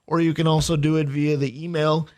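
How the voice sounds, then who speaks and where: Upbeat higher-voiced radio host. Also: male voice, flat delivery, fairly quick, darkish tone. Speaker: radio sports show host. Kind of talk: casual sports radio chat.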